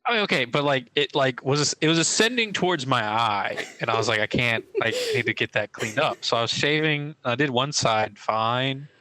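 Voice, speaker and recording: A man's voice: mid-range voice, animated, normal speed, hardly any pauses, sharp tone, low-quality recording. A young man co-hosting a casual podcast, telling stories with lots of fillers and hedges. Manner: rambling storyteller, many fillers. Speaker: podcast co-host.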